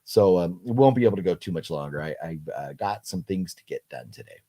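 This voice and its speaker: A middle-aged man hosting a casual livestream chat, talking haltingly with many fillers and restarts while he reads out viewer comments. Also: deep voice, expressive, dark tone. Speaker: livestream host.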